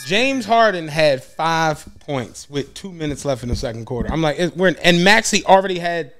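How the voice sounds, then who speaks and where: A man with a fairly high voice tells a story in a casual podcast chat. He is slangy and profane, acting out what people said and laughing a lot as he goes. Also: normal speed, soft background music. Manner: animated storyteller, acts out quotes, laughs a lot. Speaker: podcast co-host.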